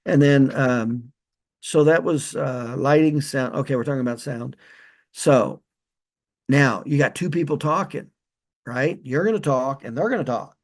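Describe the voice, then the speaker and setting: A man's voice: mid-range voice, darkish tone. A man who is a practice consultant, giving loose spoken training with direct instructions and frequent restarts. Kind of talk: casual spoken training video. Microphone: holds a lavalier like a handheld mic.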